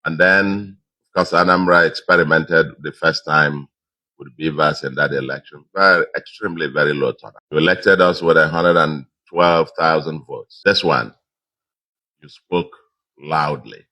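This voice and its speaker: Nigerian man, very deep voice, bright forceful tone, emphatic victory speech. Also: moderate pace. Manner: emphatic, repeats key phrases. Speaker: re-elected governor giving victory speech.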